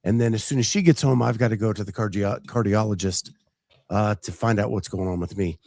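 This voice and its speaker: A man's voice: on the low side, fairly quick, creaky, darkish tone, dry recording, studio quality. A man hosting a casual talk show, chatting loosely with plenty of fillers and restarts. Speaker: podcast host. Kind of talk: casual chat.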